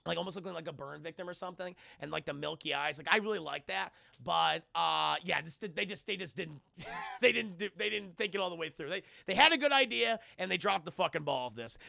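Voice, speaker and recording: An excitable man streaming a movie recap to his chat, swearing often and breaking into quick mock voices for the characters. His voice is very gravelly, bright and edgy. The sound is close and dry, from a streaming mic. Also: sits high, no echo. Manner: profane, excitable, acts out scenes in quick funny voices. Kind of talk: animated spoiler recap with chat.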